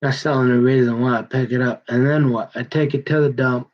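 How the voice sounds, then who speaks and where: A man of middle pitch rants through a grievance at length, stumbling over his words and circling back on himself. His voice comes through a dull, muffled, lo-fi recording. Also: steady tone. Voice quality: aggrieved, halting, full of restarts and stumbles. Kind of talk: rambling personal monologue.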